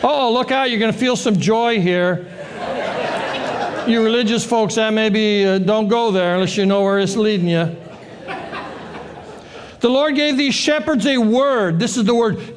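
A man preaching a sermon, animated and joking, acting out the voices of the people in the story. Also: sits high, measured pace, long pauses, noisy background. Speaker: pastor.

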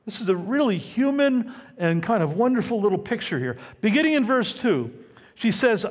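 A man preaching a sermon, teaching in a lively, conversational way with asides to his listeners. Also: high voice, moderate pace. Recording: long hall reverb.

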